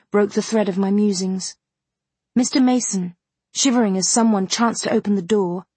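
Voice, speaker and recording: A woman reading a classic novel aloud in first person with a measured, even delivery. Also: mid-range voice, slightly rough, no echo. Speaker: audiobook narrator.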